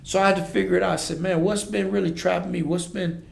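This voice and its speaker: A man's voice: high voice, level tone, fast talker, creaky. A man in his forties, a podcast guest, telling a raw, intense personal story in blunt street-inflected speech. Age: 40s. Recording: echoey room.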